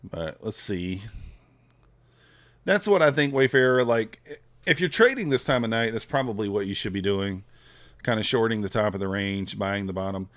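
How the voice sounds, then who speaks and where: A man's voice: fairly low pitch, normal speed, a bit bright. A man trading live on a stream, thinking aloud in a laid-back, casual way and chatting with his viewers. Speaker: futures trader streaming live.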